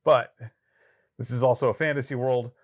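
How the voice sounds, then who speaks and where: A man's voice: mid-range voice, fairly even intonation, moderate pace. A man co-hosting a podcast, talking through a novel in an easygoing way with joking asides. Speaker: podcast co-host. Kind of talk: casual book discussion.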